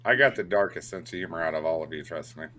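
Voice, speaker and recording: A man chatting casually on a podcast, dropping quick quips and odd trivia. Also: low voice, sharp tone. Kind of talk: casual chat.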